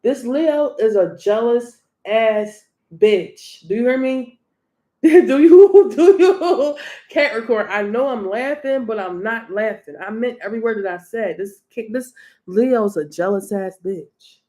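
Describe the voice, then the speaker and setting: A woman's voice: medium pitch, a little slow, darkish tone. A woman doing a tarot reading in a blunt, profane, emphatic way, often laughing. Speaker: tarot reader. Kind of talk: casual tarot reading rant.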